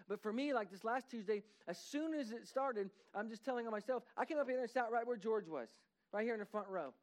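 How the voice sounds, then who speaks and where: High-voiced preaching man. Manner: earnest, conversational preaching with rising intensity. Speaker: pastor. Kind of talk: sermon. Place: church sanctuary.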